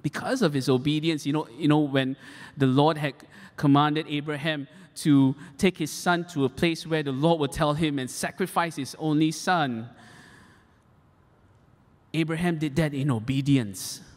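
Pastor preaching in a hall. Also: male voice, a little high, fairly even intonation, measured pace. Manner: repeats key points for emphasis. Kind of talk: sermon. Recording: echoey hall.

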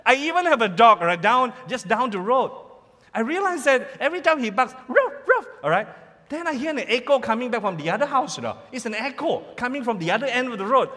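A man preaching a sermon in an animated, playful way, sometimes imitating sounds for his listeners. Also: very high-pitched, quick pace. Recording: long hall reverb.

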